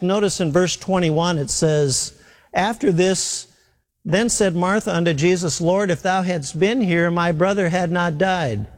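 A man preaching a sermon in an earnest way, repeating key phrases and asking rhetorical questions. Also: a little high. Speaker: pastor. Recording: long hall reverb.

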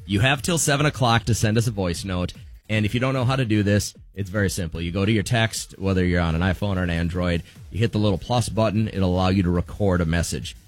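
Upbeat deep-voiced radio host man. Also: fast talker, no room sound. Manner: joking, upbeat, giving contest instructions. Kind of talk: morning radio banter.

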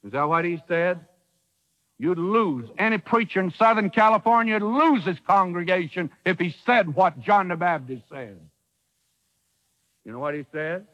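A man preaching in a high, lively voice that swoops up and down, with folksy turns of phrase and dramatic quoted lines. The sermon comes through an old radio broadcast with a long hall echo behind him. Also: normal speed, muffled recording.

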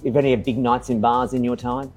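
A man's voice: mid-range voice, little pitch movement, fairly quick, faint music behind. A man from Australia interviewing a guest in a bar, playful and teasing. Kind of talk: casual interview chat.

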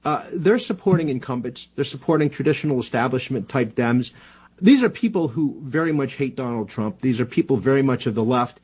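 Male guest commentator, husky, halting delivery full of fillers. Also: medium pitch, animated, darkish tone. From New Jersey. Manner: halting, many fillers and restarts. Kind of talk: radio interview, casual analysis.

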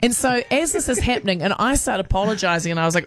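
A woman hosting a breakfast radio show, telling a self-mocking story in a lively, animated way with acted-out voices. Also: mid-range voice, fast.

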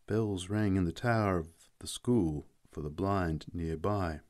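A man narrating a story aloud in a measured storytelling manner. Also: low-pitched, darkish tone. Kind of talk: audiobook narration.

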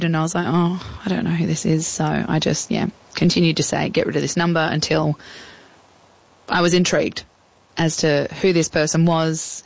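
A woman's voice: deep voice, poor audio. A woman in her thirties with an Australian accent, chatting as an interview guest and acting out old phone calls in quoted voices. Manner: chatty, acts out past conversations in quoted voices. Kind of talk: casual storytelling in an interview.

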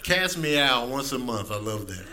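A male stand-up comedian, animated and acting out pets in silly voices. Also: medium pitch, unhurried. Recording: noisy live club recording.

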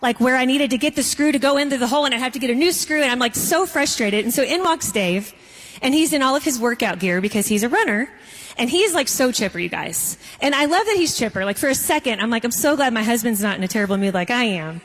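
A woman in her thirties or forties telling a lively story to a live audience, with frequent asides to the listeners. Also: on the high side, fast. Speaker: speaker at a church or marriage event. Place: large hall with an audience. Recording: long echo of a large hall.

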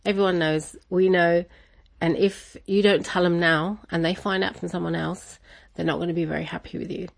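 A woman with a lowish voice tells a personal story to an interviewer, animated and quick to laugh. She brings her family to life by acting out their voices. The sound is close and dry. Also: gravelly, no echo.

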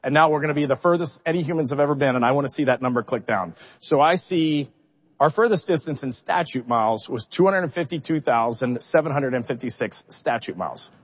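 A middle-aged man, a mission commander, telling an animated, self-deprecating story at a press conference. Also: mid-range voice, fairly quick, breathy edge. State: emotional, holding back tears. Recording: dull recording in a reverberant hall.

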